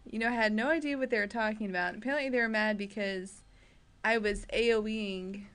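A woman's voice: medium pitch, fairly quick, fairly bright tone. A woman co-hosting a casual gaming podcast, dry and matter-of-fact, with a light teasing edge. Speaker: podcast co-host.

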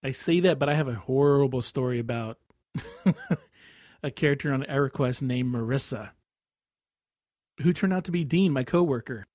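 A man co-hosting a podcast, telling anecdotes in a casual, animated way and often laughing mid-story. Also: mid-range voice, normal speed, long pauses, dry recording, studio quality.

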